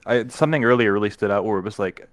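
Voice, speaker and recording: A man's voice: lowish voice, racing, no echo, studio quality. A man in casual podcast banter, jokey and blunt, swearing casually.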